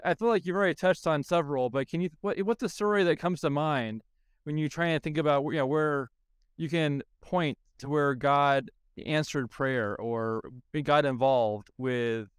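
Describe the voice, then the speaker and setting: A man's voice: on the high side, moderate pace, clear, resonant tone, no room sound, studio quality. A man hosting a podcast, asking long, searching questions of his guest. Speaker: podcast host. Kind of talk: interview questions.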